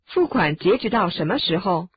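A woman reads short lesson prompts with lively, rising and falling intonation. Her voice is distinctly husky and breathy. The recording is dry and muffled, like an old lo-fi lesson tape. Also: fairly low pitch, moderate pace, no echo. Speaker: lesson narrator giving Chinese prompts. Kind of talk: scripted lesson narration. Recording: dull, dry lo-fi studio recording.

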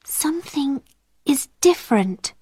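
A woman voicing a hungry, tired young girl who is gentle and hopeful, speaking softly and often in a whisper. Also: high voice, takes it slowly, dry recording, clean studio sound, voice pushed up. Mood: amazed. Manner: soft, hushed, often whispering.

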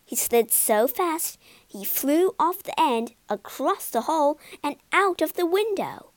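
A woman narrating a children's storybook for learners, expressive and clear. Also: high voice, slow pace, no echo.

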